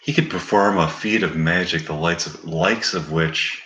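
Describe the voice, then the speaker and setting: A man's voice: deep voice, moderate pace, bright, forceful tone, echoey room, dull audio, slight background noise. A man telling an improvised, rambling comic story, meandering and stalling to think. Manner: meandering, full of fillers and stalls. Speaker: comedic storyteller.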